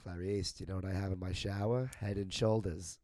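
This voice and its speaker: A man putting on the voice of a creepy, refined male cannibal doctor, speaking in a slow, hushed, menacing drawl. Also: deep voice, fairly even intonation, dry recording, pitched below the performer's own voice, lightly acted. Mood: sinister.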